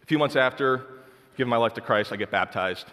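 A man's voice: medium pitch, fast talker, pushed and bright, big-room sound. A young man sharing a personal faith testimony in casual, heartfelt storytelling full of filler words. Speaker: speaker sharing his testimony.

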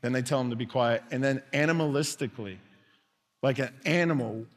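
A man preaching a sermon as pastor, earnest, dropping to soft tones and rising to loud calls. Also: mid-range voice, a little fast. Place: church sanctuary. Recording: long reverb of a large hall.

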